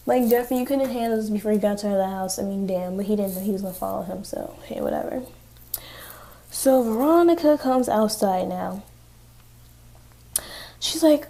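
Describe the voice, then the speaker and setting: A woman's voice: mid-range voice, a little fast, warm tone. A young adult woman casually recapping a TV episode, chatty and sarcastic with frequent swearing. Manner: chatty, profane, sarcastic asides. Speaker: TV recap vlogger.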